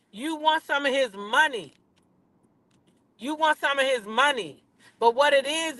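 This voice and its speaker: A woman's voice: sits high, bright, forceful tone, no room sound. A woman hosting a casual gossip commentary, talking in a sassy, emphatic way and repeating her points for effect. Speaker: commentary channel host.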